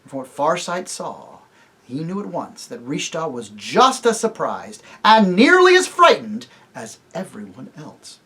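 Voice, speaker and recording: A priest reading aloud with expressive swings. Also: male voice, a little slow, husky. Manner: expressive, animated reading with wide swings in pitch and loudness. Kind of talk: storybook read-aloud narration.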